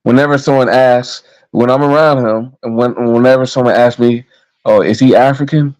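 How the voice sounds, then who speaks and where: A man's voice: medium pitch, steady tone, moderate pace, a little mellow, rough recording. A young American man ranting to camera in a heated, profane, repetitive way. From United States. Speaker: vlogger. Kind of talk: casual rant to camera.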